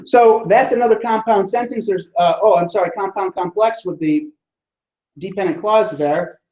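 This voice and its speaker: High-voiced man lecturing in an echoey room. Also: normal speed, a little mellow. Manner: conversational, frequent "right?" check-ins. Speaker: writing instructor. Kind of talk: classroom lecture on sentence structure.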